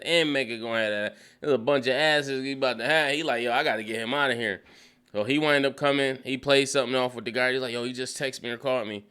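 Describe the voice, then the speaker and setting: Male show reviewer, bright tone, casual animated recap, acts out the characters' lines himself. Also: mid-range voice, clean tone. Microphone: studio dynamic mic.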